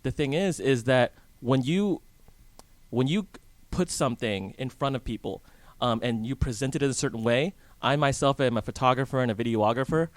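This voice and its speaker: Casual male interview guest, mid pitch, dry studio sound. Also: moderate pace, no room sound. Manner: chatty, asks the hosts questions, restarts often. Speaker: real estate guest. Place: radio studio in a hotel.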